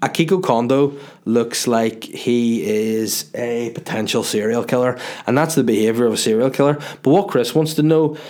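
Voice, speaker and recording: A man's voice: medium pitch, moderate pace, darkish tone. A young man with a Northern Irish accent, a comedian chatting loosely and jokingly as he reads out viewer messages. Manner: loose and jokey, swearing, reads messages aloud. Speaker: comedian answering viewer questions. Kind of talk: casual chat.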